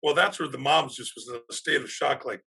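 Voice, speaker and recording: A man, an athletic director, telling animated stories as a podcast guest and laughing through them. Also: medium pitch, brisk, gravelly, breathy edge. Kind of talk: casual storytelling on a podcast.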